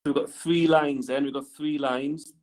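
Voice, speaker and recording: A man's voice: fairly high pitch, fairly even intonation, moderate pace, a little mellow. A male teacher giving an engineering lesson in a classroom. He talks while drawing on the board and keeps checking in with "right?" tag questions.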